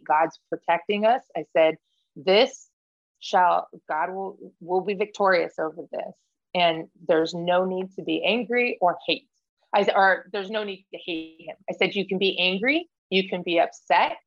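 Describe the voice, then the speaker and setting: A woman from the United States, a Marine veteran, appears as a podcast guest in a casual interview, speaking candidly and earnestly with many fillers and restarts. Her voice is fairly low, and the audio sounds dull.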